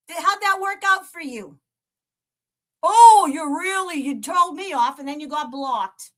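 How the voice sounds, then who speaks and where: Mocking a troll during her live stream, a woman curses and taunts, laughing between jabs. Her voice sits high and sounds a bit bright and animated, moving at a measured pace.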